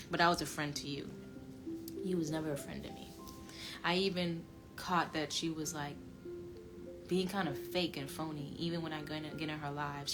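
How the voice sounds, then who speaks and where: A woman telling a personal story in emotional casual speech. She swings from low muttering to loud, emphatic outbursts. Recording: music playing under the voice.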